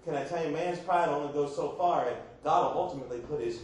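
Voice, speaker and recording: Male pastor, emphatic sermon delivery, high voice, far from the mic in a booming echoey church. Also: fast, a little mellow. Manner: emphatic preaching with rhetorical questions to the congregation.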